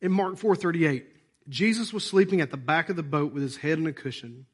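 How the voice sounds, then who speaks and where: A man preaching a sermon in church, animated and hoarse, with a worn-out voice. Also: fairly high pitch, fairly quick. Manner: animated, acts out voices and asides. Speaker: pastor.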